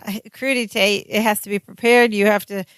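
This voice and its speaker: A woman's voice: mid-range voice, fairly even intonation, fairly quick, a bit bright, clean tone, no echo, lightly acted. A woman voicing an earnest foreign man insistently explaining how to prepare a root.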